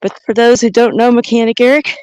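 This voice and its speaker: A woman's voice: fairly high pitch, flat delivery, fast talker, darkish tone, clean tone, no room sound, poor audio. A woman vlogging outdoors on a mountain trail, chatting and thinking aloud into a handheld camera as she hikes. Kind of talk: casual walking vlog narration.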